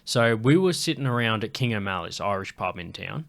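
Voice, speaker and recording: A comedian telling a rambling pub story in casual podcast chat, swearing constantly and filling with "like". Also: male voice, fairly low pitch, sing-song, brisk, creaky, fairly bright tone. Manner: rambling, heavy swearing, lots of "like".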